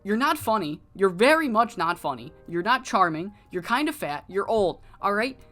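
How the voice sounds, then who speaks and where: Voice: mid-range voice, very animated, normal speed, sharp tone, faint music behind, pitched above the performer's own voice. A narrator voicing a young female wrestler who bluntly and profanely rejects an unwanted admirer. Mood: disgusted. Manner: profane, curt, dismissive.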